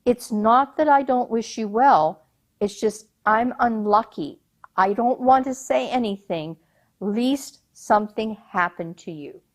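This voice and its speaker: Brief: fearful old man in a folk tale, anxious and pleading, slow, played by a woman. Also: fairly high pitch. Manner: anxious, pleading, muttering to himself.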